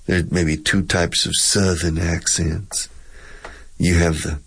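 A man teaches English pronunciation on the radio and often repeats words for his listeners. His voice is very deep, gravelly and husky.

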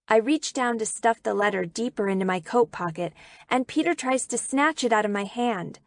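A woman narrating a novel in the first person, in an expressive storytelling manner. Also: fairly high pitch, normal speed, dry recording. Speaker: audiobook narrator.

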